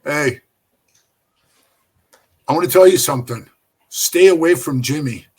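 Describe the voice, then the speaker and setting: A man quoting a gruff older biker club mentor giving stern warnings in a lowered voice. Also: a little slow, close to an everyday voice. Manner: stern lecturing.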